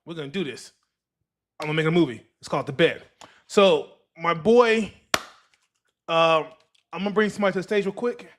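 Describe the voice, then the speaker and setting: A man's voice: a little high, fairly quick, long pauses. A man hosting a podcast alone, telling a rambling story full of filler words. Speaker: podcast host. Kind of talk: solo podcast talk. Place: live streaming setup.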